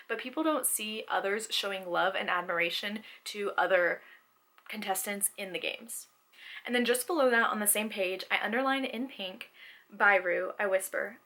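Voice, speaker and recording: A woman's voice: medium pitch, sharp tone. A woman chatting casually about a novel, reading her annotations aloud in an earnest, gushing way. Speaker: book video creator.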